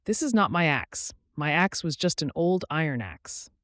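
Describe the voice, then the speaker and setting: A man's voice: fairly high pitch, very animated, moderate pace, fairly bright tone, no echo, studio quality. A man voicing a poor, honest male woodcutter in a storybook tale, speaking earnestly.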